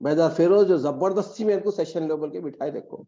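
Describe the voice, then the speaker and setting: Male teacher trainer, rapid delivery, mellow darker tone, dull lo-fi video-call audio. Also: fairly high pitch. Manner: switches between English and Hindi, explains step by step. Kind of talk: online teacher-training session.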